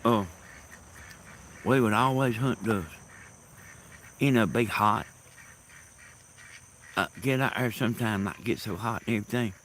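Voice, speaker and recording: A man telling rambling stories in a casual monologue, halting and laughing loudly at his own tales, recorded outdoors in the countryside. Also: on the low side, slight background noise. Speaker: host. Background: crickets and insects.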